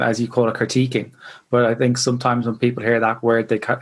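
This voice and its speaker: A man hosting an interview, asking earnest, supportive questions in an even tone. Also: medium pitch. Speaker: podcast host, fitness coach.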